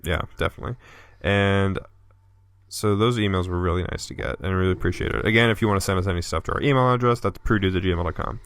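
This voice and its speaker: Young man, low smooth voice. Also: a bit bright, no echo. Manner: reads listener mail aloud, laughs often. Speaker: podcast co-host. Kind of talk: casual podcast chat.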